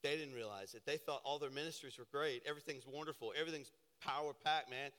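A pastor preaching a sermon, building to impassioned, shouted declarations in a church sanctuary. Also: male voice, medium pitch, fast. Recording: reverberant church hall with piano.

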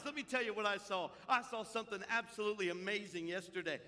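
A man preaching a sermon as pastor, impassioned, swinging between loud proclamations and hushed storytelling. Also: high-pitched, quick pace, hardly any pauses, in a large hall.

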